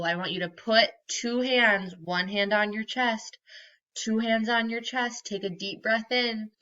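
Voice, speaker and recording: A woman teacher reading a picture book aloud to children and guiding them through yoga poses, gentle and encouraging. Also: a little high, steady tone, dull audio. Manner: slow, gentle and encouraging, prompting children to join in.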